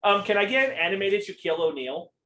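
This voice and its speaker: Young male podcast co-host, slightly high, rambling, profane, filler-heavy. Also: animated, quick pace, pushed and bright, slight background noise, rough recording. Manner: rambling, profane, with many ums. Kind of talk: casual chat.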